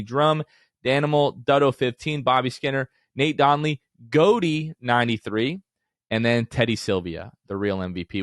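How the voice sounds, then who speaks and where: Excited man on a dry podcast mic. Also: medium pitch, dry recording. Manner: excited, animated storytelling. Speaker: podcast co-host. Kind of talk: casual sports podcast chat.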